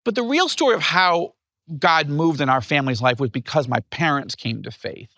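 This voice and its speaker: A man in his fifties from upstate New York, telling his life story as an interview guest in an animated way. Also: fairly high pitch, moderate pace, dry recording, clean studio sound. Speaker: guest author.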